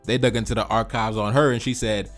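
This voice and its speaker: A man's voice: fairly low pitch, flat delivery, quick pace, soft background music. Emphatic man ranting in a reaction video. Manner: emphatic and repetitive, with slangy asides. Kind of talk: commentary reacting to social media posts.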